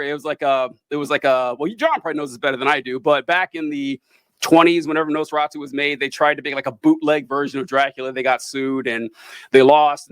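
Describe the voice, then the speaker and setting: A man's voice: on the high side, fairly bright tone, dry recording. A man co-hosting a casual chat about a movie, rambling and swearing freely with frequent laughs. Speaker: podcast co-host.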